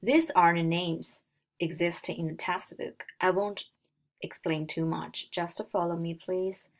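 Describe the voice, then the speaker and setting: A young woman with a Mandarin accent, a native Mandarin speaker, walks beginners through a recorded language lesson. She talks slowly and explains step by step, modelling each tone aloud. Her low voice has a gravelly edge. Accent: Mandarin Chinese. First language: Mandarin Chinese. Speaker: Mandarin teacher.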